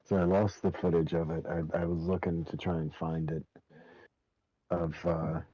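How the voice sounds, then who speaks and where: Deep husky man, stop-start and dry. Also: flat delivery, normal speed, mellow, dull audio. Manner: rambling, stop-start recollection with restarts. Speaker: gaming friend sharing memories. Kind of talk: casual group voice chat.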